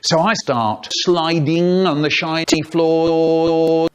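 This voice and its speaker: A man telling comic stories in an animated way, acting out voices and sound effects. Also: fairly high pitch, slow pace, clear, resonant tone, dull audio. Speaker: storyteller. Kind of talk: comic storytelling, spliced remix.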